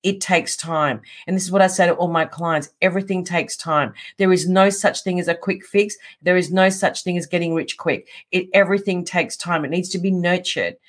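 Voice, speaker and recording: A middle-aged woman in a casual interview, telling a story with lively energy, often laughing and acting out what people said. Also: on the low side, moderate pace, few pauses. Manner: animated, laughs often, acts out quotes. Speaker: guest.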